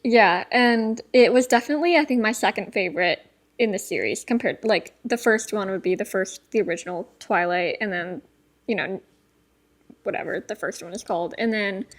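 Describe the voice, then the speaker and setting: A young woman co-hosting a podcast in casual chat, giggly and rambling with lots of filler words. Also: mid-range voice. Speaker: podcast co-host.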